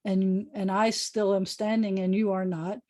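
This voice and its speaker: A woman rabbi teaching an informal online Hebrew class over a video call, chatty and joking as she sounds out words slowly. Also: mid-range voice, flat delivery, a little mellow, no room sound.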